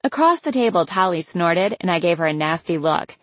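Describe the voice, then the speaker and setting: A woman's voice: on the low side, lively intonation, fairly quick, dry recording. A woman narrating a novel in the first person with a casual, wry storytelling manner. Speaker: audiobook narrator.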